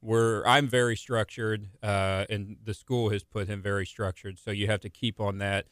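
A young man talks casually about his small business and home life. His voice sits low and sounds smooth. He rambles and restarts his sentences, recorded dry and close. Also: little pitch movement, moderate pace, fairly bright tone, no echo. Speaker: small business owner and stay-at-home dad. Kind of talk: casual chat.

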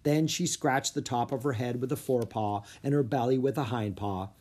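A narrator reading a children's storybook aloud with clear, lively storytelling. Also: medium pitch, normal speed. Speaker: audiobook narrator.

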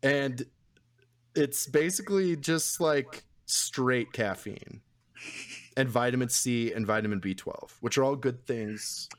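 Speaking slowly in a mid-range voice, a young podcast co-host rambles through casual chat, cursing without restraint and laughing often.

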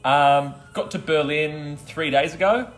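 Man, Australian accent, slightly high pitch, relaxed, casual chat. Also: unhurried, soft background music, poor audio. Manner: relaxed, easygoing, with fillers. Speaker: guest, tourist. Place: busy pub.

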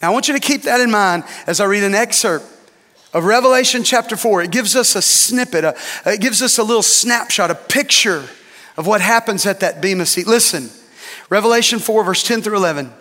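A man's voice: high-pitched, a little fast, pushed and bright, in a large hall. A man, a lead pastor, preaching a sermon with emphatic, dramatic repetition.

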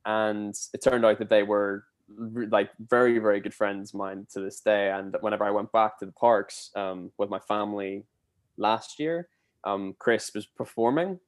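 Speaking at a moderate pace in a lowish voice, the podcast guest drifts from one casual anecdote to the next. He's in his twenties, a former theme park cast member, talkative and meandering, and he perks up when a story takes hold.

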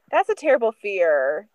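Bright-voiced excitable young woman. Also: a little high, no echo, lo-fi sound. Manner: excitable, quick recollections. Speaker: podcast co-host. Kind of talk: casual chat among friends.

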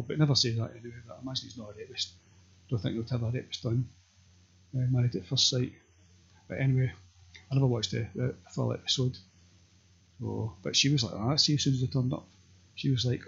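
A Scottish man with a very husky, raspy voice delivers a meandering, foul-mouthed comic monologue in a deadpan way. The recording sounds dull and lo-fi. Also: mid-range voice, fast talker. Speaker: vlogger.

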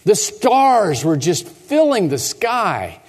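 Man, pastor, slow dramatic storytelling, echoey church hall. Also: high-pitched, wildly swooping pitch. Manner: theatrical, drops to hushed tones and asks the children questions. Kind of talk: dramatic first-person storytelling for children. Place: church sanctuary.

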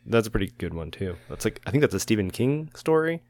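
A man co-hosting a podcast, chatting casually, chiming in quickly and laughing often. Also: on the low side, sing-song, a little mellow, no room sound. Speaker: podcast co-host. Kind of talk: casual chat.

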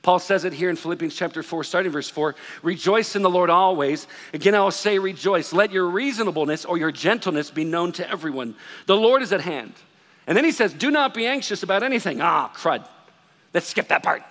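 A pastor with a high, bright, ringing voice delivers a brisk, animated sermon in a conversational style, poking fun at himself along the way. A long reverb trails his words, like in a large hall.

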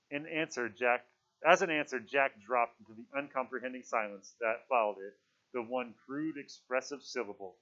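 A man's voice: medium pitch, moderate pace, sharp tone. A man reading a novel aloud to a class, with casual asides. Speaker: teacher. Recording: dull lo-fi recording.

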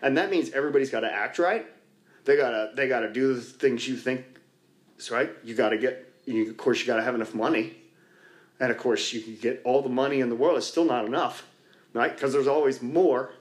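A man's voice: medium pitch, fairly quick. A man sharing candidly at a recovery meeting, rambling and poking fun at himself, with lots of "you know.". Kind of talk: candid personal talk to a group. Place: church basement.

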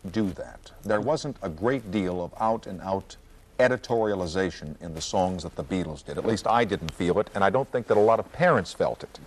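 A man hosting a television talk show, asking questions in a measured, deliberate way with dry humor. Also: deep voice, lively intonation. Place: television studio set.

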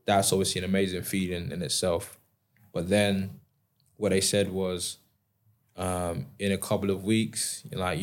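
A man talking casually as an interview guest, relaxed and rambling with lots of fillers. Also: low-pitched. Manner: relaxed, rambling, many fillers, laughs often. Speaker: guest, professional athlete.

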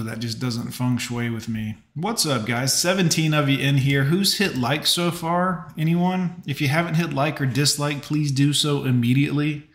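A man talking casually on a live stream, greeting viewers by name and offering blunt, offhand advice. His voice sits at an ordinary middle pitch, and the room around him rings with a noticeable echo. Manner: chatty, banters with chat viewers, blunt advice. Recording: roomy echo.

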